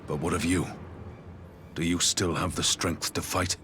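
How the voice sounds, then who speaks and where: A man voicing a gruff older male army commander who speaks in a deliberate, commanding way. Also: low-pitched, flat delivery, fairly bright tone, slight background noise, pitched below the performer's own voice. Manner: deliberate, commanding speech with old-fashioned phrasing.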